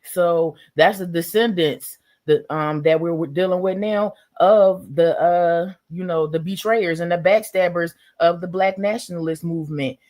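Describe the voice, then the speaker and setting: A woman, talking bluntly and emphatically in a casual livestream discussion, acting out conversations with animated voices. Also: fairly low pitch, a little slow, hardly any pauses. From United States.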